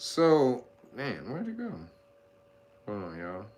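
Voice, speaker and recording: A man hosting a casual livestream, talking straight to his viewers in a profane, animated way, laughing often and reading out chat guesses. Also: medium pitch, slow. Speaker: host.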